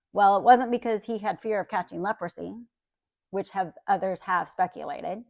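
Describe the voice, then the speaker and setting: A woman's voice: mid-range voice, steady tone, moderate pace, gravelly, a little mellow, no echo, studio quality. A woman Bible teacher giving a conversational teaching talk, often checking in with listeners by asking "right?".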